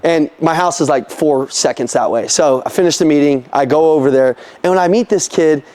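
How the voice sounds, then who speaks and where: A man coaching a sales team in a lively, profane talk, acting out conversations with customers. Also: fairly high pitch, brisk. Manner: animated, profane, acts out customer dialogue. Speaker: sales trainer. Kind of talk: live sales training talk.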